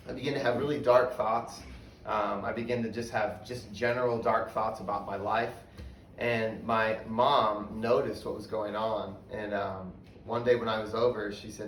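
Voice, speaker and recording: A man's voice: on the low side, slight background noise. Young guy sharing his testimony from a stage, talks candid and storytelling, mic a bit far off in an echoey room. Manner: candid, storytelling, drops to a hushed voice for hard memories. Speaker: speaker giving a testimony. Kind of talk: personal testimony sermon. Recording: roomy, from a distance, faint ambience.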